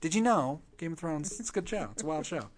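A man co-hosting a casual chat, animated and excitable, swearing freely and jumping between quick asides. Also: on the high side. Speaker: podcast co-host.

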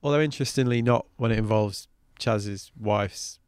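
A man's voice: lowish voice, normal speed, clean tone, no room sound, clean studio sound. A man hosting a podcast, asking questions in a conversational way and dropping wry asides. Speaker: podcast host. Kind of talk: casual interview chat.

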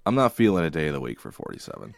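A man co-hosting a podcast in casual chat, relaxed and wry, trailing off into laughs. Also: very deep voice, very fast, gravelly, no room sound, studio quality. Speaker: podcast co-host, sportswriter. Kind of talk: casual sports-media chat.

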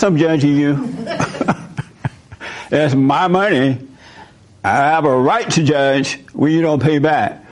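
Male host, slightly high voice, animated preachy monologue, questions the audience. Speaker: host speaking to a live audience.

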